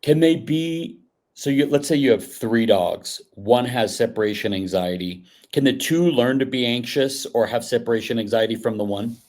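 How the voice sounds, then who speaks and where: A man's voice: medium pitch, normal speed, a little mellow. A man hosting a podcast, talking casually and rambling as he searches for words. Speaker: podcast host.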